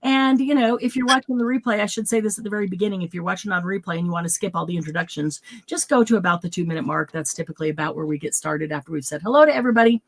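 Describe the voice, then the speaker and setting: A woman hosting a craft livestream in casual chat, bubbly and quick to laugh, greeting viewers by name. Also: lowish voice. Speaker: craft show host.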